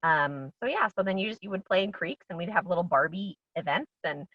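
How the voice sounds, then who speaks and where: A woman, an actress, talks in a chatty, bubbly way on a video call, her voice a bit low for a woman. The audio is dull and lo-fi, and the room sounds dry and close. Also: animated, a little fast, breathy edge, no echo. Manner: chatty and bubbly, with frequent ums and laughs. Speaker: actress guest. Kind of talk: casual interview chat.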